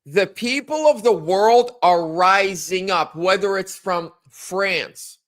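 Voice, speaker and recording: A man in his thirties hosting a casual political monologue, animated, acting out quotes in a higher voice. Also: slow. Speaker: political commentary host.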